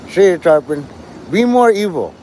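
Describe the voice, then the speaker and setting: A man's voice: high voice, animated, measured pace, dark tone, a little hiss or hum, rough recording. A man in his forties hosting a livestream, rambling casually, trailing off and restarting his thoughts. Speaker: livestream host.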